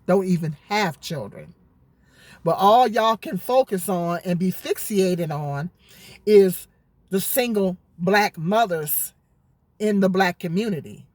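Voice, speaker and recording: A woman's voice: fairly low pitch, takes it slowly, darkish tone, no room sound. Woman vlogger, heated sarcastic rant, stumbles over words, dry close sound in a parked car. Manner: indignant, sarcastic, stammers and repeats words. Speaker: vlogger responding to comments. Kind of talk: ranting commentary vlog. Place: parked car in a parking lot.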